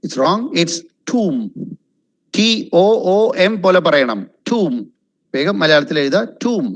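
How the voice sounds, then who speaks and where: A man's voice: a little high, expressive, racing, fairly bright tone, poor audio. A man with a Malayali accent teaching English pronunciation in a webinar, switching between English and Malayalam and emphatically repeating each word. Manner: emphatic, repeats words over and over to drill them. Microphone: video call.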